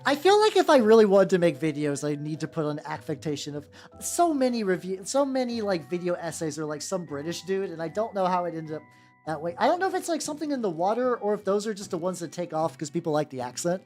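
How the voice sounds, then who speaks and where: Young woman, lower voice, lively pitch, rambling casual stream chat, faint music behind. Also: fast talker. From United States. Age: young adult. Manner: rambling, many restarts and fillers, swears casually. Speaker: VTuber streamer painting miniatures. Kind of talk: casual livestream chat while painting. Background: faint background music.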